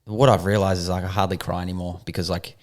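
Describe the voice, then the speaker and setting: A man's voice: deep voice, flat delivery, quick pace. A man co-hosting a podcast in casual chat, laid-back, swearing freely and using lots of fillers. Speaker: podcast co-host.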